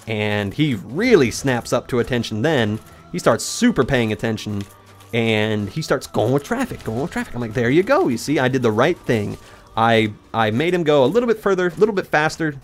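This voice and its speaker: Animated young man telling a story while gaming. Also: mid-range voice, moderate pace. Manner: rambling, animated, talks to the game mid-story. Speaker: gaming YouTuber. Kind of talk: let's play commentary with storytelling.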